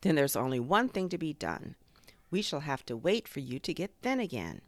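A woman's voice: low voice, wildly swooping pitch, normal speed, no echo, heavily acted. A woman reading aloud, voicing a kind young boy who speaks fondly and reassuringly. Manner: affectionate and reassuring. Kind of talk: storybook reading.

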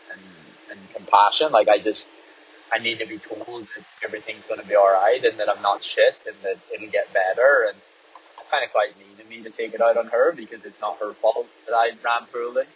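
A man's voice: lowish voice, flat delivery, a little fast. A man, a runner, talking candidly in a casual rambling monologue while driving a small car, swearing freely. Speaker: distance runner and podcast host. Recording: dull audio, faint road noise.

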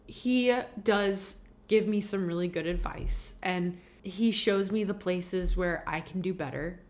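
A woman's voice: fairly low pitch, a little slow. Young woman podcast host, candid and confessional, loose rambling delivery with fillers. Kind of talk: personal podcast monologue.

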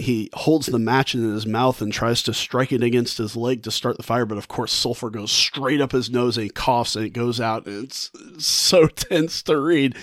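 Man, book vlogger, animated retelling, mid-pitched voice, dry close sound, frequent laughs. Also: no room sound. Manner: animated, retells the story with mock-quoted thoughts; laughs often and restarts his phrases. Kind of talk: casual book discussion.

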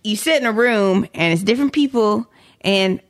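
A woman's voice: medium pitch, animated, moderate pace. A woman in casual conversation, talking in a loose, slangy way. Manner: casual, slangy, laughs easily. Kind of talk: casual chat.

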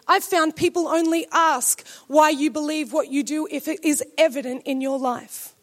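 A woman with a high, bright-pitched voice preaches a sermon to her congregation. She speaks with emphatic conviction and pushes certain phrases up into loud, ringing declarations. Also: steady tone, moderate pace. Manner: emphatic, rising to shouted declarations.

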